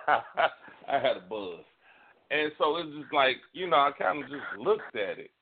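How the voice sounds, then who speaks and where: Middle-aged male radio host who curses in loud rants, thin phone-line audio. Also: mid-range voice, sing-song, a little slow. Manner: profane, heated ranting. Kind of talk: casual radio talk.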